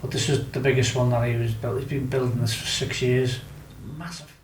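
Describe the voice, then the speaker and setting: In an echoey room with a little background noise, a Liverpool-born guest with a Scouse accent shares stories casually. His mid-range voice is brisk with fairly even intonation, and he rambles, leaning on phrases like "do you know what I mean."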